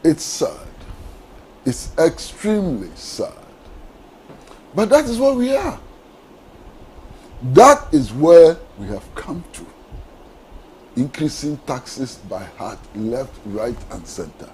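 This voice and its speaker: A man's voice: on the high side, sing-song, slow pace, long pauses, darkish tone, slight background noise, rough recording. A man, a panelist giving impassioned political commentary on a talk show, asking repeated rhetorical questions. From Ghana.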